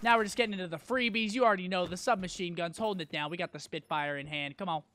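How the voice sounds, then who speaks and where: A man's voice: high voice, fast, background noise. Hyped man giving gameplay commentary. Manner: hype, self-mocking trash talk, sudden outbursts. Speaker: gaming YouTuber.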